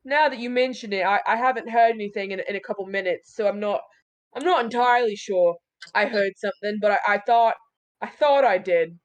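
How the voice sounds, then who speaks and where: A woman's voice: medium pitch, brisk, close to an everyday voice. Woman doing a stammering timid ogre. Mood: timid, apologetic. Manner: stammering, hesitant. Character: timid forgetful male ogre, stammering, tearful.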